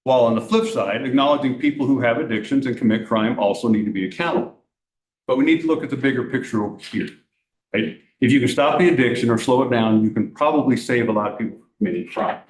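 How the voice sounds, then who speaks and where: A man's voice: mid-range voice, fast, reverberant, rough recording. A man from law enforcement giving an earnest public talk at a council meeting, asking the audience rhetorical questions.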